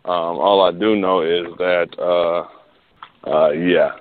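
A man in casual chat, slangy and quick to laugh, with a lowish voice. His words come through a thin, phone-like line with a faint hiss underneath. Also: fairly even intonation. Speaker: podcast co-host. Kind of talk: casual chat about battle rap.

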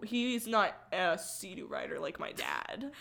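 A woman's voice: lowish voice, sing-song, measured pace, vocal fry, pushed and bright. A young woman co-hosting a podcast, chatting casually in a giggly, teasing, rambling way. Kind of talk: casual chat.

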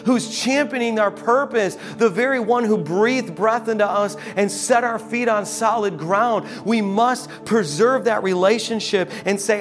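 A man preaching a sermon as pastor, impassioned and emphatic, dropping soft and slow for the closing prayer. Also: sits high. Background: music.

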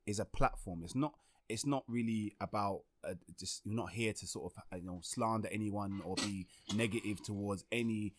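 A man co-hosting a podcast, with smooth, slangy talk and frequent fillers. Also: on the low side, moderate pace, dry recording. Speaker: podcast co-host. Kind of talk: casual podcast chat.

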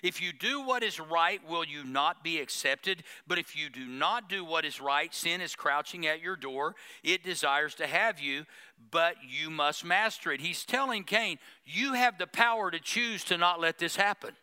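A pastor preaching a sermon in church, with humor and mock prayers. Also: male voice, a little high, a little slow, pushed and bright, clear, resonant tone.

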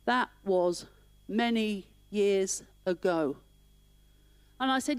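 A woman's voice: medium pitch, unhurried, clear, resonant tone, no room sound. A middle-aged woman minister telling her personal story in church, emotional and conversational.

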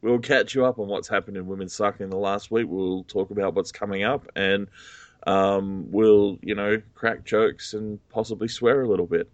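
Groggy man with a low morning voice. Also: fairly even intonation, normal speed, dry recording, highs cut off. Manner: groggy, self-mocking, laughs often. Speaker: podcast co-host. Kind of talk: casual chat.

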